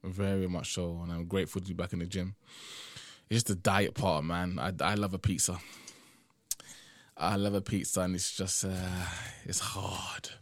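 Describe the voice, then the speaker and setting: A young man with a lowish voice talks through a solo podcast in a loose, rambling way. He keeps tacking "man" onto his sentences and sounds tired and drowsy. The sound is dry and close. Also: little pitch movement, moderate pace, long pauses, dry recording. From United Kingdom. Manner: rambling and conversational, often tagging "man". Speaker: podcast host. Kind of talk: casual solo podcast monologue.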